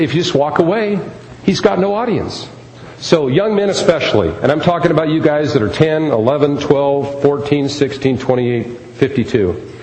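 A man's voice: on the high side, a little mellow, slight background noise. A man preaching a sermon as pastor, speaking emphatically and repeating key phrases. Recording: echoey hall with faint ambience.

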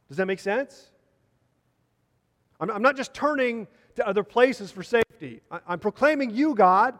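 High-pitched guy preaching, earnest, lots of repeating, echoey hall. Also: animated, moderate pace, a bit bright. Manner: earnest, repeats phrases for emphasis. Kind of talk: sermon.

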